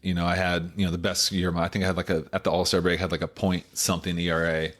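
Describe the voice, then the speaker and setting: A man in his late thirties with a notably deep, low-pitched voice, telling a long personal story in a relaxed podcast interview. He rambles through it, stacking up "like" and "you know" and restarting his sentences as he goes. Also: racing. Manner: rambling, filler-heavy retelling full of "like" and "you know". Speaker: former baseball pitcher, podcast guest.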